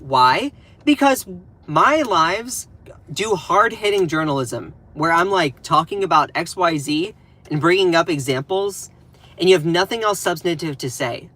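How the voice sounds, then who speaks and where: A man's voice: high voice, bright, forceful tone. A man with a Southern US accent giving casual live-stream commentary, emphatic and repeating phrases for stress.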